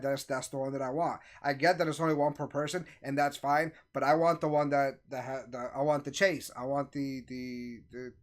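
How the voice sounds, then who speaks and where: A man casually telling a story to friends, acting out the voices of the people in it with animated energy. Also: medium pitch, fairly quick. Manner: animated, acts out quoted voices.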